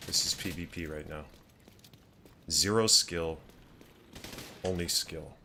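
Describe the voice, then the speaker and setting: A man's voice: deep voice, takes it slowly, noisy background. A man streaming a game live, chatting casually with viewers, swearing freely and rambling through his thoughts. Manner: chats with viewers. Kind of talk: live gameplay commentary.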